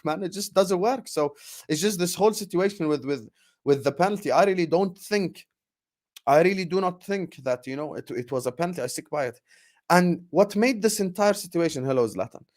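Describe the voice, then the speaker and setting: A young man hosting a casual football livestream, talking excitedly, repeating himself and urging viewers to like and subscribe. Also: medium pitch. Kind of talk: casual live-stream football chat.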